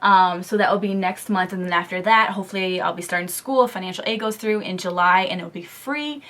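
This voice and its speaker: A young woman casually telling a story in a beauty vlog, chatty and animated, full of "like" and "um", talking straight into a camera mic. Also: mid-range voice, brisk. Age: young adult. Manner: chatty, lots of "like" and "um"; animated storytelling, quoting others. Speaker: beauty vlogger.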